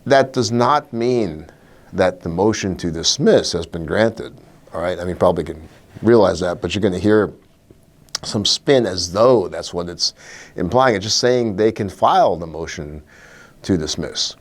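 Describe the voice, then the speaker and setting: A man with a low voice gives solo legal commentary. He talks in a wry, animated way, dropping in short laughs and fillers as he picks apart the news. He sounds middle-aged. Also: measured pace.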